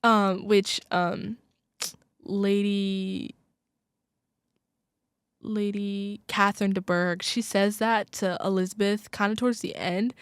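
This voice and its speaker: A young woman hosting a college radio podcast, chatting casually and gushing about movies with lots of fillers and quick asides. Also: mid-range voice, level tone, clean tone, no echo. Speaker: podcast host. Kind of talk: casual chat.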